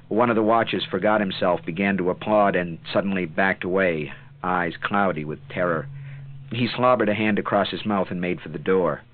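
A man narrating an audiobook in a measured, dramatic way. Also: low voice. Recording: tinny phone-like sound.

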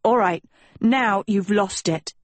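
A woman's voice: mid-range voice, slow pace, no echo. A woman voicing an angry teenage prince in an audiobook, curt and scornful. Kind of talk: audiobook character voice.

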